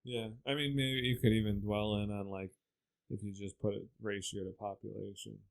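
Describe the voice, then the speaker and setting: A man's voice: on the low side, flat delivery, moderate pace, creaky, poor audio. A man co-hosting a casual podcast, chiming in with brief, dry remarks. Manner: quiet, brief dry interjections. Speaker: podcast co-host. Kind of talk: casual chat.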